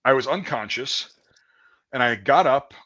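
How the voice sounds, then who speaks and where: A man's voice: medium pitch, animated, measured pace, bright, forceful tone, dull audio. A man in casual chat, telling a long story in a rambling, profane way with many restarts. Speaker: guest storyteller.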